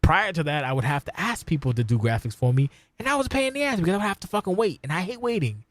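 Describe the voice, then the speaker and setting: A man's voice: a little high, very animated, rapid-fire, no room sound. A middle-aged man hosting a podcast, talking bluntly and profanely in casual chat, ranting about how he works with people. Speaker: podcast host.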